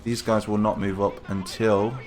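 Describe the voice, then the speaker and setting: A man's voice: lowish voice, normal speed, background noise. Chatty man over gunfire. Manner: chatty and excitable, talks to the troops. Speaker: gaming channel host. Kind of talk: casual game commentary. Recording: game gunfire and explosions behind voice.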